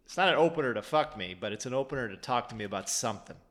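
A man's voice: medium pitch, lively intonation, racing, a bit bright. A man in casual chat telling a rambling story with many restarts and swearing.

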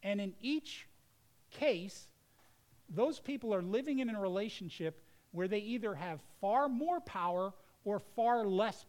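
Earnest higher-pitched male preacher. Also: rough recording. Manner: earnest, conversational preaching with varied emphasis. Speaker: pastor. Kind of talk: sermon.

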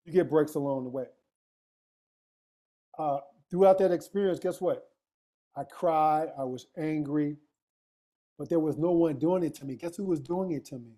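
A man's voice: on the high side, moderate pace, pauses often, dark tone. A man telling a personal story in casual conversation, emphatic and street-casual, full of rhetorical questions to his listener. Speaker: guest.

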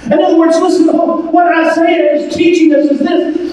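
A male pastor preaching a sermon to his congregation, with emphatic, drawn-out phrases and frequent calls for them to listen. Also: very high-pitched, fairly even intonation, dark tone, a little hiss or hum. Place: large church hall. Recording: echoey hall from far off.

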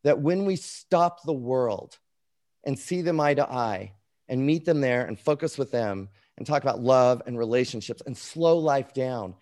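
A man who works as an executive coach, telling animated, self-mocking stories while chatting on a group video call. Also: mid-range voice, a little slow. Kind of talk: casual chat on a group call.

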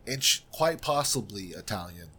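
Husky-voiced man giving blunt film opinions. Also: lowish voice, animated, normal speed, pushed and bright. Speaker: podcast co-host reviewing films. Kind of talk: casual chat.

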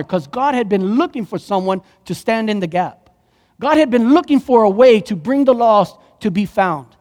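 A man preaching a sermon as pastor, impassioned, swinging from hushed words to loud ones. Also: high voice, in a large hall.

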